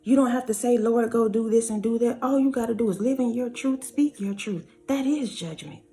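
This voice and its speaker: A woman's voice: fairly high pitch, warm tone, faint music behind. Emphatic woman preaching a spiritual reading. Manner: emphatic, preachy, drawn-out phrases. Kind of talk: spiritual reading commentary over song lyrics.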